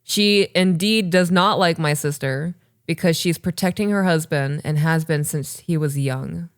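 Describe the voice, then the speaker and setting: A woman in her thirties co-hosting a podcast, reading listener stories and chatting casually, animated and swearing freely. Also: deep voice, measured pace. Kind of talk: casual chat and story reading.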